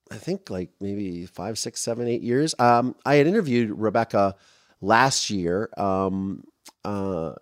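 Chatty male podcast host, lowish voice. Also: dry recording, clean studio sound. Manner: rambling, warm and emotional, with many fillers. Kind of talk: casual podcast monologue.

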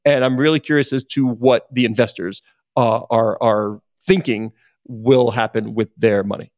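A man's voice: mid-range voice, fairly even intonation, normal speed, a little mellow, dry recording, studio quality. A man co-hosting a sports business podcast, chatting conversationally and posing pointed questions. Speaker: podcast co-host. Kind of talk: podcast discussion.

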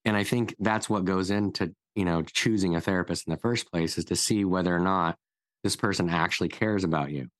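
Deep-voiced man, reflective therapist. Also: dry recording. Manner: reflective, measured, dry humor. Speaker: therapist and podcast co-host. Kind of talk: casual conversational interview.

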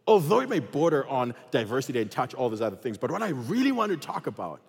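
A man pastor preaching a sermon and telling personal stories, swinging between loud bursts and quiet moments. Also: medium pitch, very animated, fast talker, vocal fry, few pauses, slightly rough, in a large hall.

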